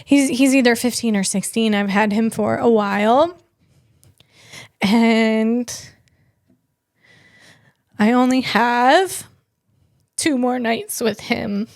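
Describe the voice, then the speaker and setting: Woman host, solo tech comedy podcast; unhurried, slightly high voice, rambling and self-deprecating. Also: no room sound, clean studio sound. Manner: rambling, self-deprecating, tells personal stories. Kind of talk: casual solo podcast chat.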